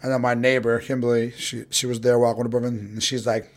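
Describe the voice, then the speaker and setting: A man's voice: mid-range voice, flat delivery, quick pace. A young man telling rowdy stories casually, swearing a lot and acting out the voices of people in them. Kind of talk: casual storytelling.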